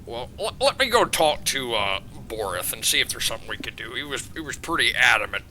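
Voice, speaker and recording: A man runs a tabletop game as game master, narrating scenes in a relaxed, joking way. His voice is very bright. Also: medium pitch, fairly quick, a little hiss or hum.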